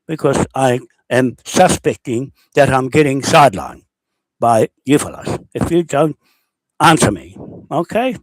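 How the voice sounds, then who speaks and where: A man's voice: a little high, dry recording. A man from New Zealand with a New Zealand accent, leaving a rambling, indignant spoken message as a self-described landowner, repeatedly asking "okay?". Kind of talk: recorded spoken message, unscripted rant.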